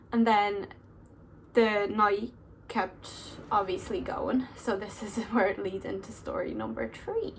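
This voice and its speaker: A young woman casually telling stories to camera, chatty and full of "like" fillers. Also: on the high side. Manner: chatty, many "like" fillers, laughs often. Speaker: vlogger. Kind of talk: casual storytelling.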